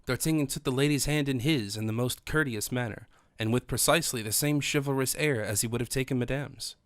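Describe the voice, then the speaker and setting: Guy reading an old novel aloud, steady and measured, middle pitch, dry close sound. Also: dry recording. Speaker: audiobook narrator. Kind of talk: scripted narration.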